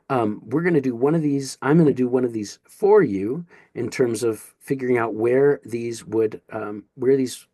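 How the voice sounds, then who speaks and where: A male teacher talks through a recorded lesson in a playful, joking manner. His pitch jumps around a lot as he demonstrates each sound. The sound is dry and close, with no room echo. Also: mellow, husky. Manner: playful, jokey explaining with sung-out sample sounds. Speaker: Greek teacher.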